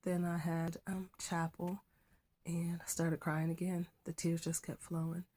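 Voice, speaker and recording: A middle-aged woman teacher sharing a personal faith testimony in a soft, halting way that drops to a whisper at times. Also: fairly low pitch, little pitch movement, a little hiss or hum. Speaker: schoolteacher.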